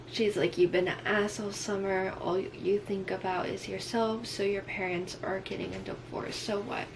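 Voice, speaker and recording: A woman casually recapping a novel chapter by chapter, acting out the characters' lines with "he's like" and "she's like.". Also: mid-range voice. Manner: retells scenes in quotes, "she's like". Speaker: book reviewer. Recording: noisy background hiss.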